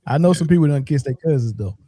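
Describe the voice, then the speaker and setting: A man's voice: a little high, lively intonation, fast, dark tone, breathy edge, no echo. A man hosting a sports podcast in casual chat, joking and sometimes stumbling over his words. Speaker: podcast host.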